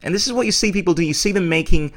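Fairly high-voiced guy ranting on his podcast, swears a lot, real blunt. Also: rapid-fire. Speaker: podcast host. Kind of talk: opinionated monologue.

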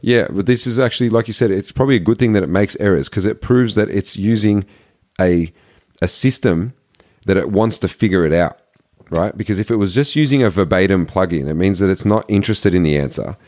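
Deep-voiced rambling man talking poetry. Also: fairly quick. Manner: rambling, animated storyteller, emphatic. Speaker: podcast guest, poet and yogi. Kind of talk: casual conversation.

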